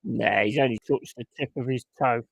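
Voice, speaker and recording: A man hosts a fan watchalong, calling the match live and chatting, then erupting into swearing, exasperated rants. His voice is medium-pitched, creaky, and moderately paced, with no echo but a dull sound.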